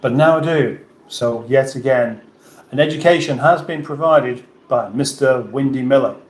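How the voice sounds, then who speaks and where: A man's voice: mid-range voice, moderate pace. Male livestream host, jokey and meandering, reading chat in an echoey room. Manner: rambling, playful, jokey asides.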